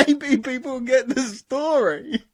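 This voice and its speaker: A man's voice: very high voice, a little slow, fairly bright tone. A young man co-hosting a podcast, teasing his partner and laughing often. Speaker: podcast co-host. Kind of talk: casual chat.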